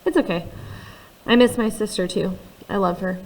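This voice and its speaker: A hot-tempered teenage boy who talks back bluntly and defiantly, as a woman reads him in an audiobook. He speaks with a medium-pitched voice. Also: normal speed, darkish tone, lightly acted, poor audio. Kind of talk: audiobook character reading.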